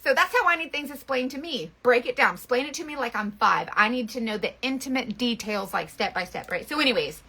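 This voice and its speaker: A woman's voice: a little high, lively intonation, brisk, few pauses, sharp tone, husky. A woman telling a rambling story in casual chat, full of fillers and restarts. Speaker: makeup seller and vlogger.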